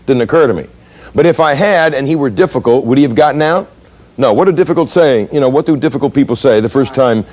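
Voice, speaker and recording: A man's voice: a little high, fast talker. A middle-aged man giving a seminar lecture, telling stories and acting out voices and sounds to make his points. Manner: animated, dramatic storyteller, mimics voices and sounds. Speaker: seminar speaker. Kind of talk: lecture with acted examples.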